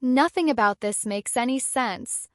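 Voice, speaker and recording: A woman's voice: a little high, a little slow, no room sound, clean studio sound, close to an everyday voice. A woman narrator voicing a young man, a student turned fighter, who speaks in a dazed, bitter way after being betrayed. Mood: angry. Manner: dazed, then angry and bitter.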